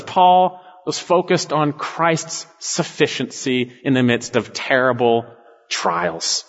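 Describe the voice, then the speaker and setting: A male pastor preaching a sermon with emphatic stresses, dropping low on key words. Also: slow, a bit bright. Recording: long hall reverb, dull lo-fi sound.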